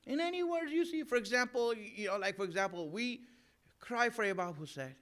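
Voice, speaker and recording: A man's voice: extremely high pitch, expressive, brisk, fairly bright tone, a little hiss or hum. A man, a maulana, giving a sermon at a mourning gathering. He talks to the audience as friends and acts out imagined arguments. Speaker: maulana giving a Muharram majlis talk. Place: Islamic center gathering.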